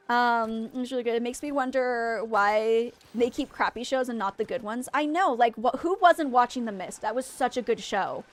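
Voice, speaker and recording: A young woman from Maine streaming a game, chatting with viewers in an excitable, rambling, easily distracted way. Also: fairly high pitch, moderate pace. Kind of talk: casual livestream chat with viewers.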